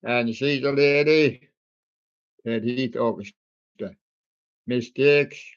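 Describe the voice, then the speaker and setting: A man hosting a livestream, chatting slowly and jokily as he reads out a list of old songs, with many ums and rambling asides. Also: mid-range voice, a bit bright, highs cut off. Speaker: livestream host reading out a music playlist. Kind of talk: casual running commentary between old songs.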